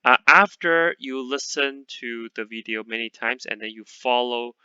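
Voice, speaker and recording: A man teaching a lesson to a class in English, patient and repeating words slowly, checking in with "okay?" often. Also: mid-range voice, pushed and bright, smooth, dry recording, dull audio. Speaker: Chinese teacher.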